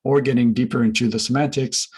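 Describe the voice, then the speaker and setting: Husky-voiced man giving an academic talk. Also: medium pitch, fairly even intonation, a little mellow, low-quality recording. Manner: measured, with frequent fillers and restarts. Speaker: linguistics researcher presenting.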